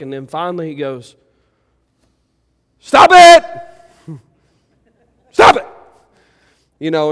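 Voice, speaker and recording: Preaching man in a reverberant hall. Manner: swings between loud urgent pleas and quiet low reflection. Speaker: pastor. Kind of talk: sermon. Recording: church hall with long reverb.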